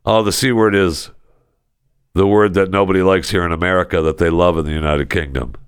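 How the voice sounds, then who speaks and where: A man with a low, clear, resonant voice speaks fairly quickly with fairly even intonation, recorded in a clean studio with no echo. As co-host of a casual comedy podcast, he delivers a sarcastic, exasperated talk-show rant, swinging into mock voices.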